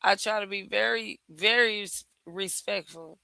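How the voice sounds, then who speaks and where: A hoarse man who is a guest on a livestream, chatting in a rambling, teasing way and repeating himself. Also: high-pitched, unhurried, sharp tone, dry recording. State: hoarse from yelling. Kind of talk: casual livestream chat.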